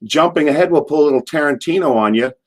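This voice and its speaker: A middle-aged man, a former wrestler, telling stories in an interview, rambling through asides and acting out what people shouted. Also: fairly high pitch. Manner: animated, acts out quotes in a loud, drawn-out voice. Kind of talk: casual anecdotal storytelling.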